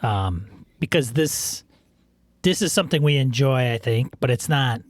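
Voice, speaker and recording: A man co-hosting a tabletop gaming podcast, chatting in a casual, halting, agreeable way. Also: medium pitch, expressive, dry recording, clean studio sound. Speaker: podcast co-host.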